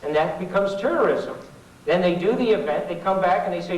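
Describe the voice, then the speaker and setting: A middle-aged man gives an informal political talk to an audience, his voice high-pitched, very animated and a little fast. He's folksy and sarcastic, rambling off into asides. The recording comes from far off in an echoey 1990s hall.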